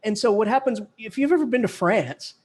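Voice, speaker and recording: Husky-voiced man lecturing, chatty and jokey. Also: sits high, lively intonation, brisk. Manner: chatty, jokey, playful mock accents. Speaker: English professor lecturing. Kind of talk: lively classroom lecture.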